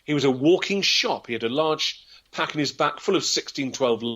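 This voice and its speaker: Theatrical male storyteller, lively pitch. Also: normal speed. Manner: theatrical, vivid, acts out voices. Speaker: local historian storyteller. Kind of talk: dramatic storytelling.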